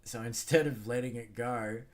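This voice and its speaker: A man's voice: medium pitch, steady tone, normal speed. An Australian man hosting a solo podcast, talking bluntly and rambling with lots of swearing and fillers. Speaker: podcast host. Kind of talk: casual solo podcast monologue.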